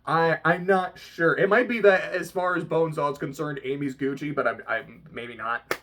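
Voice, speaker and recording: Animated laughing book-reaction vlogger. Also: mid-range voice, normal speed. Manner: animated, laughs often, swears casually. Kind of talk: casual book-reading reaction.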